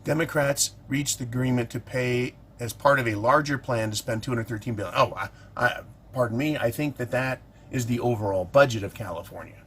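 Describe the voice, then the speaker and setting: A man's voice: medium pitch, a little fast, hardly any pauses, a bit bright, a little hiss or hum. A middle-aged man ranting in an indignant, sarcastic vlog monologue about politics. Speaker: political commentator.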